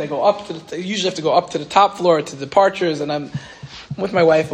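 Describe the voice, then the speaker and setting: A man with a slightly raised voice tells a story in a lively Torah talk. He acts out each person in the dialogue and fills his speech with a casual "like". He speaks as a teacher to his listeners. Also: on the high side, breathy edge. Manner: animated storytelling, acts out quoted dialogue, frequent "like". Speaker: rabbi and teacher.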